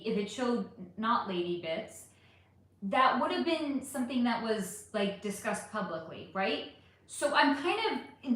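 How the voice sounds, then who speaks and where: A chatty woman hosting a livestream, talking through viewer comments with lots of fillers and restarts. Her voice sits a bit high, and the room around her is very echoey. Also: a bit bright. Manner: chatty, rambling, frequent fillers. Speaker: livestream host. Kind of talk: casual livestream chat answering viewer comments.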